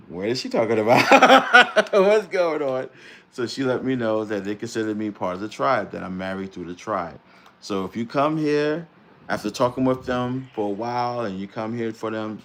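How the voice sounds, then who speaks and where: Host, middle-aged man, lowish voice, loose rambling live-chat delivery. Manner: loose, rambling, laughs easily. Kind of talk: casual live-stream chat.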